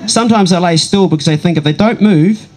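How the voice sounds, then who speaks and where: A man telling a comic story from his own life to a live audience, conversational with dramatic pauses and wry asides. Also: high voice, a little mellow, rough recording. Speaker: comedic storyteller.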